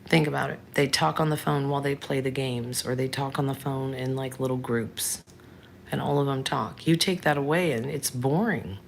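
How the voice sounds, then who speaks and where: A woman's voice: very deep voice, moderate pace, creaky, slight background noise. A woman in her thirties hosting a casual livestream, chatting frankly and answering viewers by name. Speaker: livestream host.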